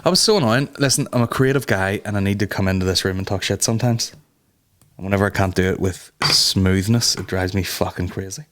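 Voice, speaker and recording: A man's voice: low voice, a little fast, background noise. A man hosting a comedy podcast, joking, swearing and acting out silly voices in casual banter. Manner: animated, swearing, acts out voices. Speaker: podcast host.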